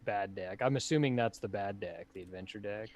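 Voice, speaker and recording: A man's voice: fairly low pitch, brisk. A man co-hosting a live board game stream, bantering casually and laughing easily. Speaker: board game show co-host.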